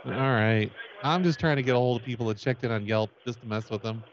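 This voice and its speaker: A man's voice: medium pitch, fast talker. Stammering man making a prank call. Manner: stammering, playfully silly. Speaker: prank caller. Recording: dull lo-fi with faint noise.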